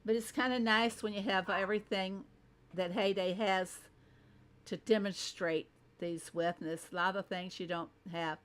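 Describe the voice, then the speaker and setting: A woman speaks with a Southern American twang in an easygoing, mid-pitched voice. She hosts a casual reaction commentary, chatting with her viewers. She often breaks into laughter and teases herself. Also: steady tone, moderate pace, a little hiss or hum. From Southern United States. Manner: chatty, laughs often, self-deprecating asides. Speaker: host.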